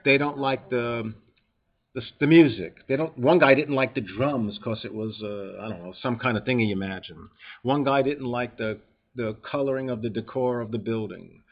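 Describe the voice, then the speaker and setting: A man's voice: mid-range voice, moderate pace, highs cut off. A man with a New York accent preaching a sermon, reading scripture aloud and explaining it in an emphatic, conversational way.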